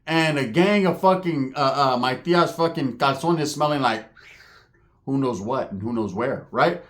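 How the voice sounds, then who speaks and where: A man telling a profane comedic story, slipping into high squeaky character voices. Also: a bit bright. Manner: rapid slangy delivery, jumps into high squeaky character voices.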